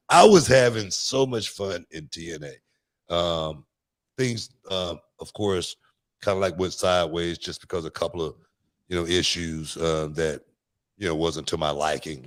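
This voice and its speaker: A man from Houston hosts a relaxed talk show, recalling old stories in a loose, rambling way. His voice sits very low, and he keeps breaking into laughs and fillers. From Houston, USA. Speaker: podcast host, former wrestler. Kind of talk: casual chat.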